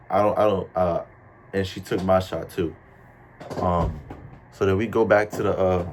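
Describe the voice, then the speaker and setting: A young man from New Jersey with a New Jersey accent, telling a casual storytime in slangy, animated talk. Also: low-pitched, slight background noise.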